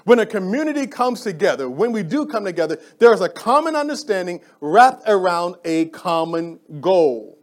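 A high-pitched male pastor preaching with lively, excitable energy. He calls out to his congregation and waits for their replies, speeding up when he gets worked up. The sound is of a church sanctuary through a stage mic. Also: moderate pace, few pauses. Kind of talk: sermon.

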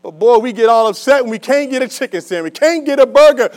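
A male pastor preaching a sermon to a congregation, animated and call-and-response, swinging between loud and soft. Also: very high voice, quick pace, hardly any pauses. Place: church hall with a congregation.

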